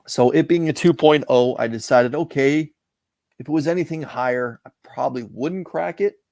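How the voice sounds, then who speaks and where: Man, middle-aged, from Canada, gravelly voice, dry close sound, reflective storytelling. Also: mid-range voice, a little mellow, dry recording. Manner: measured, reflective storytelling with frequent "uh" pauses. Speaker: interview guest, comic collector. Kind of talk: casual storytelling interview.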